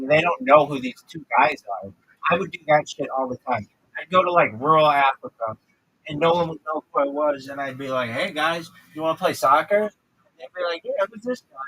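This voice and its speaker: A man's voice: a little high, fairly bright tone, husky, no echo, low-quality recording. A man hosting a livestream, chatting casually and swearing as he jokes, acting out imagined conversations in different voices. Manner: profane, joking, acts out imagined dialogue. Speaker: livestream host.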